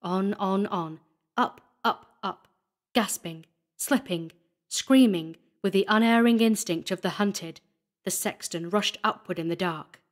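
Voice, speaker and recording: A woman narrating a classic horror story in a deliberate, scripted storytelling manner. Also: medium pitch.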